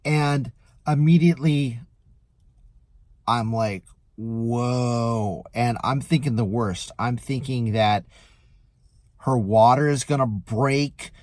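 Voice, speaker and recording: A man's voice: mid-range voice, takes it slowly, long pauses, no echo. Chatty man telling a rideshare story. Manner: chatty, animated retelling with lively quoted voices. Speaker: rideshare driver. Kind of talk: casual storytelling vlog.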